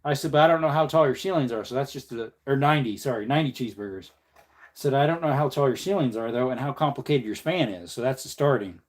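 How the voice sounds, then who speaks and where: A livestream host with a mid-range voice talks fast, joking around and answering viewer comments while he hand-loads ammunition at his bench.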